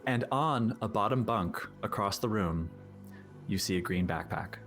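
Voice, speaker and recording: A man acting as game master, narrating a tabletop horror game in a relaxed, casual way full of "like.". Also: on the low side, measured pace. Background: music.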